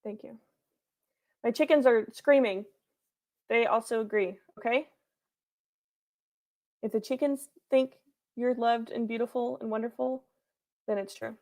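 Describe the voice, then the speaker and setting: A woman's voice: fairly high pitch, steady tone, measured pace, long pauses, a little mellow. A woman hosting a livestream from home, giving viewers an earnest, repetitive pep talk with playful asides. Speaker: livestream host.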